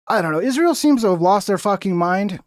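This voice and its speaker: A man's voice: sits high, lively intonation, fairly quick, dry recording, clean studio sound. A young man streaming, ranting about the news in a heated, profane, rambling way. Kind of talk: casual political commentary.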